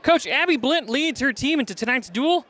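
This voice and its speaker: Bright breathless high school sports announcer man. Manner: energetic, fast-talking, reading stats and names. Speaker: play-by-play broadcaster. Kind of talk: sports broadcast preview. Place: top of gym bleachers.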